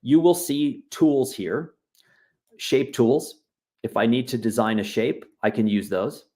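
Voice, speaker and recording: A man at mid pitch teaches a software workshop over a video call. His delivery is loose and chatty, encouraging the viewers as he narrates what he clicks. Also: slow pace. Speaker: workshop instructor. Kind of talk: live online software tutorial.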